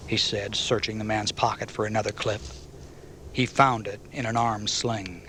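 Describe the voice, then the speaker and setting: A man narrating an audiobook novel in a measured, even storytelling manner. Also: lowish voice, background noise.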